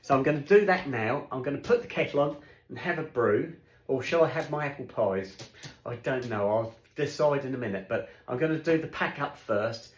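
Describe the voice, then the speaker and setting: A man's voice: mid-range voice, lively intonation, moderate pace, reverberant. A man chatting casually on his home vlog as he unpacks groceries in his kitchen, rambling along and talking to his dogs. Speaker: vlogger. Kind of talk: casual chat.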